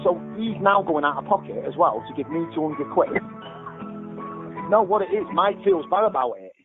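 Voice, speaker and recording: A man's voice: on the high side, lively intonation, normal speed. Exasperated man swearing. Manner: exasperated, heavy swearing, blunt. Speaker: small gym owner on a complaint call. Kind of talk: phone complaint and ranting asides. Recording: lo-fi phone-like sound with faint music.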